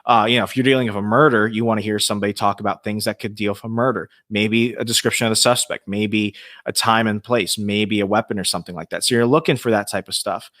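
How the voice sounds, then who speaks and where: Low-voiced man telling a ghost story. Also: fast, few pauses. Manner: animated, swears freely. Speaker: guest, ghost hunter. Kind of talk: casual storytelling.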